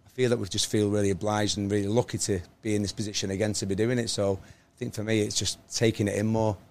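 A man's voice: on the low side, little pitch movement, fast, darkish tone. An English man, a guest musician, speaking in a reflective, agreeable way in a casual chat.

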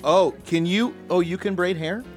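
A man's voice: high-pitched, moderate pace, soft background music. Flamboyant rambling man at play. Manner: rambling, flamboyant, full of fillers. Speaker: player. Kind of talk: in-character tabletop play.

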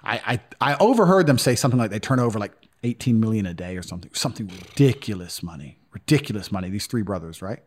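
Fast, animated, blunt-talking man. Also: lowish voice, slightly rough. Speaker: podcast guest. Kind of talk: casual storytelling.

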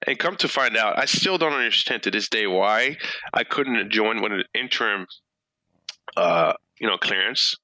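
A man from France, a guest in an interview, telling a story in an animated way, acting out bits of dialogue with plenty of fillers. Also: on the low side, normal speed, dry recording, low-quality recording.

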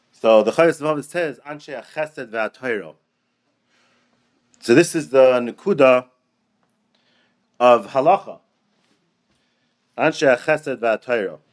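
A middle-aged man giving a storytelling Torah class in an animated way, often repeating his phrases and chuckling. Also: mid-range voice. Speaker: Torah teacher.

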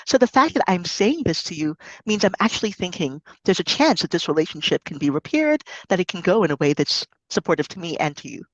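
A woman's voice: fairly low pitch, sing-song, a little fast, few pauses, dry recording, lo-fi sound. A woman author and consultant giving earnest, emphatic advice as a guest on a podcast. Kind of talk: podcast conversation.

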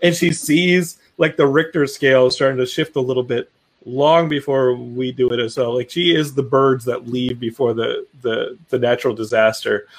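A man's voice: mid-range voice, fairly even intonation, moderate pace. A man co-hosting a podcast, joking in a wry, self-mocking way. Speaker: podcast co-host. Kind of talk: casual comic banter.

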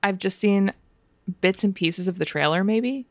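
A woman co-hosting a podcast, talking in a relaxed, agreeable way. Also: mid-range voice, a little slow, no room sound. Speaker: podcast co-host. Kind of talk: casual chat.

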